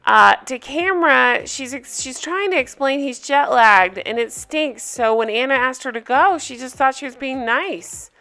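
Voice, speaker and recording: A woman's voice: high-pitched, expressive, normal speed, few pauses, sharp tone. A woman hosting a casual TV recap video, talking bluntly and emphatically and swearing freely. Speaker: reality TV recap host.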